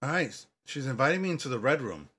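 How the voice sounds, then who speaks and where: A man's voice: medium pitch, big pitch swings, quick pace, bright, forceful tone, breathy edge. A man giving joking commentary on a horror game, reacting aloud to scares and talking back to the story. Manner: jokey, talks back to the game, yelps at scares. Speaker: gaming commentator.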